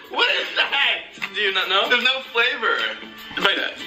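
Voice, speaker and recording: Giggly young man, lively pitch. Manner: playful, breaking into laughter. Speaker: challenge player. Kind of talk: giggly challenge video banter. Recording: echoey room with music.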